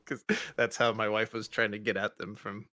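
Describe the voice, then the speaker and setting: A middle-aged man hosts a morning show and tells a casual story from home in a chatty way, often laughing as he goes. His voice is bright and forward, recorded dry and close. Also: on the low side, no echo. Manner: chatty, laughs while telling stories.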